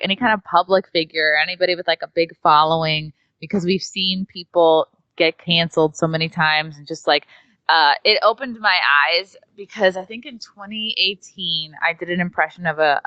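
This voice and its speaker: Woman from New York, comedian, chatty storytelling, filler-heavy, lowish voice, dry lo-fi audio. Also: a bit bright, no room sound. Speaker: comedian, podcast guest. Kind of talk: casual storytelling in an interview. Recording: dry, dull lo-fi sound.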